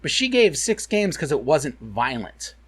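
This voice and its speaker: Male podcast co-host, higher-pitched and lively, foul-mouthed ranter. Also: measured pace, breathy edge. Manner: animated, profane, ranting. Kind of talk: casual podcast banter.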